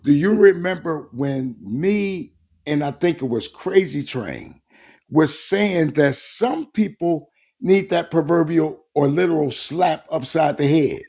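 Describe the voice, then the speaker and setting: A man's voice: a little high, animated, slow pace, vocal fry, a little mellow. A man co-hosting a casual talk show, speaking bluntly in a folksy, colloquial way. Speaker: co-host.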